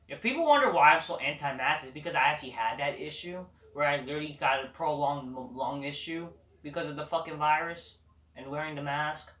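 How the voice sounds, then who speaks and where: A woman's voice: low voice, a bit bright, far from the mic. A woman giving a blunt, profane, rambling recap of a wrestling show. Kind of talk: casual ranting recap. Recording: echoey room, away from the mic.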